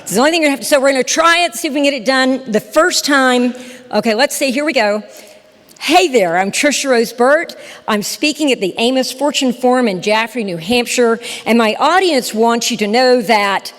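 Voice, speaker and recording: Speaking at a moderate pace in a slightly high voice, a Southern storyteller and podcast host in her 60s gives an animated, chatty talk about her own story. She addresses the live audience directly, and the lecture hall echoes around her.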